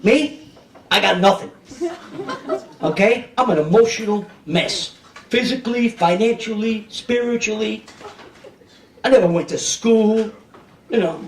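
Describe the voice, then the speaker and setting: A Brooklyn, New York man in his 50s performs a streetwise stand-up set at a comedy club, checking in with the crowd often. His high-pitched voice is a little slow with frequent pauses. The recording is echoey, with the mic heard from a distance and audience noise.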